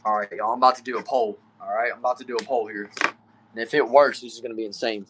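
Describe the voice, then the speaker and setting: A man's voice: medium pitch, steady tone, quick pace, fairly bright tone, a little hiss or hum. Easygoing young Texan man with a Southern drawl. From Texas. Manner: easygoing, chatty, says y'all and bro a lot. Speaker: livestream host. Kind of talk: casual livestream chat, reading comments. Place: small back shed, indoors.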